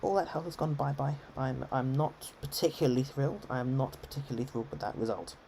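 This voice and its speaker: A man's voice: medium pitch, fast, creaky, warm tone, slight background noise. A man with an English received-pronunciation accent, giving chatty live gameplay commentary full of ums and restarts. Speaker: game streamer.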